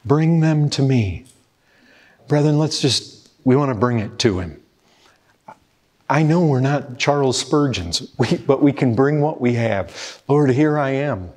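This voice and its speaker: Male preacher with a husky, mid-pitched voice who delivers an urgent, pleading sermon. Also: expressive, a little slow. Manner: pleading, urgent, repeats "brethren". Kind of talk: fervent sermon.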